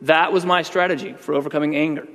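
A man's voice: a little high, steady tone, quick pace, fairly bright tone, in a large hall. A man pastor giving a sermon, talking conversationally and then building to emphatic outbursts.

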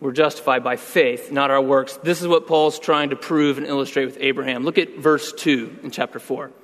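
A man's voice: medium pitch, fairly even intonation, moderate pace, long reverb tail. A man preaching a sermon with earnest emphasis, teaching through rhetorical questions. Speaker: pastor.

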